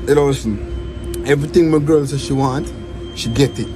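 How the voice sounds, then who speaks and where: Man, mid voice, emphatic complaint, music loud behind. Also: mid-range voice, normal speed. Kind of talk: comic confession clip.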